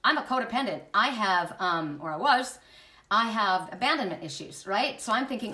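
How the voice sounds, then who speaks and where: A woman's voice: a little high, very animated, a little fast, bright, forceful tone, roomy sound, distant mic. A woman telling a candid personal story in an emphatic, confiding way, with frequent restarts and blunt swearing. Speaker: spiritual channel host.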